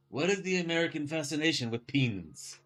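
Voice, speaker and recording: A man's voice: fairly high pitch, fairly bright tone, husky. A man who teaches, chatting casually and with incredulity during a live art stream, rambling and swearing now and then.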